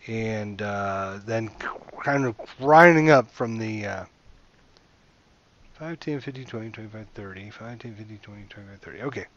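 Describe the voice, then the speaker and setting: A man's voice: fairly low pitch, moderate pace, a bit bright, muffled recording. A man narrating a tabletop game as game master, meandering and hesitant, with many fillers, heard over voice chat.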